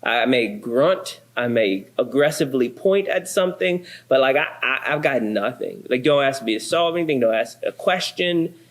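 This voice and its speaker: A man's voice: medium pitch, moderate pace, hardly any pauses. A man in his thirties, a pastor, telling funny family stories in a sermon. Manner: animated, self-deprecating, comic. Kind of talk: humorous sermon storytelling.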